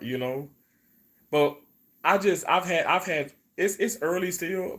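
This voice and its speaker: A man, hosting a live stream in casual, rambling chat, repeating his words and reading viewer comments. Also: medium pitch.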